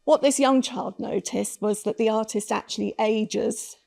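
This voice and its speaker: A woman's voice: a little high, fairly even intonation, a little slow, vocal fry, darkish tone. A woman speaking on a conference panel, telling stories earnestly and reflectively. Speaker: conference speaker on children's literature. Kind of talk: panel talk.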